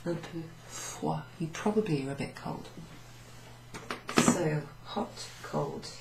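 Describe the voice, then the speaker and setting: Woman language teacher, low and unhurried, echoey room with faint hiss. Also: gravelly. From Wales. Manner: slow, patient explaining, switching between English and French. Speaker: French teacher. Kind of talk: relaxed classroom recap lesson.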